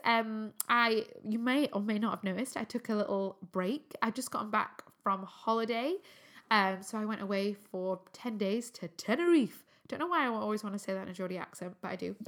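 A young English woman hosts her own health podcast solo, chatting in an upbeat, casual way with frequent ums. Her voice is medium-pitched and a bit bright.

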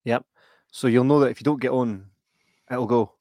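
A man's voice: medium pitch, fairly even intonation, moderate pace, darkish tone, no room sound, clean studio sound. A man co-hosting a casual chat, telling funny stories and breaking into heavy laughter. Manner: laughs heavily while telling anecdotes. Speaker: podcast co-host.

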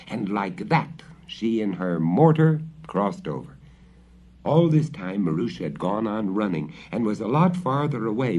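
A man reading a fairy tale aloud in an expressive, dramatic storybook style. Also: on the low side, slightly rough. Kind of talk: storybook narration. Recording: dull lo-fi recording.

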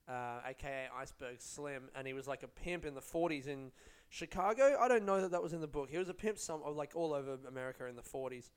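A man's voice: medium pitch, clear, resonant tone. A young man, a comedian, chatting casually and telling rambling, profane stories. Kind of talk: casual vlog chat.

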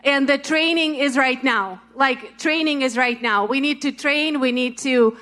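A woman's voice: high voice, measured pace, a bit bright. A woman preaching in a casual, encouraging way, full of "like" and "right?". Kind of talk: conversational sermon.

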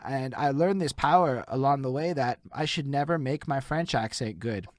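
A man's voice: medium pitch, normal speed, no room sound, clean studio sound. A man from Quebec in casual, profane, jokey conversation as a podcast host. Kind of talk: casual chat.

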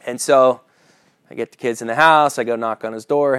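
A man delivers a sermon as a relaxed personal story, chuckling between lines and checking in with "right?" as he goes. His voice sits in an ordinary middle pitch, and the mic is close and dry. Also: moderate pace, smooth, dry recording. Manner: casual storytelling with chuckles and asides; keeps asking "right?" as he preaches. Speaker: preacher.

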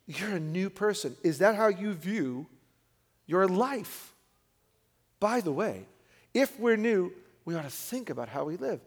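Male pastor, animated sermon delivery, fairly high voice, long hall reverb. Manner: animated, swings between loud emphatic peaks and quiet asides.

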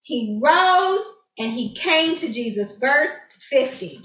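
Woman Bible study teacher, high and bright, eager and chatty, recorded from a distance in an echoey room. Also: animated, slow. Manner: enthusiastic, chatty, many fillers. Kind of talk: excited teaching and scripture reading.

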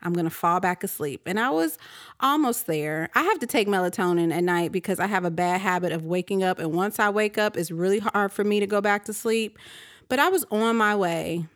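A woman in her thirties hosting a podcast, ranting in a casual, animated way and acting out her own reactions. She sounds tired and half awake. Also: mid-range voice, a little fast, dry recording, studio quality. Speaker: podcast host.

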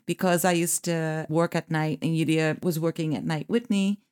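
A woman's voice: deep voice, steady tone, normal speed, darkish tone, clear, resonant tone. A woman co-hosting a casual podcast, switching languages and teasing her co-host. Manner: teasing, laughing. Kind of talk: casual bilingual podcast chat.

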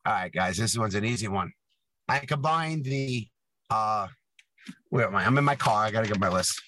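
A man's voice: fairly low pitch, animated, normal speed, pushed and bright, no room sound, poor audio. Teasing man talking from his car. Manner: teasing, rambling. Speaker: podcast co-host. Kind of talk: casual chat.

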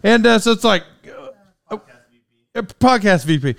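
A man's voice: high-pitched, expressive, a little slow, vocal fry, fairly bright tone, no room sound. A man in his forties hosting a podcast solo, rambling through a personal story with restarts and laughs at himself. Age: 40s. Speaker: podcast host.

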